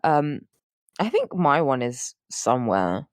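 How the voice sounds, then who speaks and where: Woman podcast co-host, weary and dry, pitch swinging wildly, dry close sound. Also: sing-song, takes it slowly, no echo. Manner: tired, yawning, dry asides. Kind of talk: casual chat.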